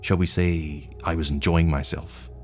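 A cold, patient male agent from the future speaks with calm, wry menace in a very deep voice, as a man puts him on. His delivery is languid and measured, with faint music underneath. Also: natural voice. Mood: menacing.

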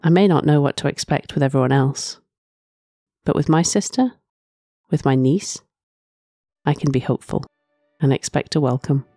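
Woman reading a first person story, soft and thoughtful, sighs a lot, warm voice, faint music behind. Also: low voice, moderate pace, pauses often, dry recording, clean studio sound. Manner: soft, reflective, with frequent sighs. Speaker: narrator.

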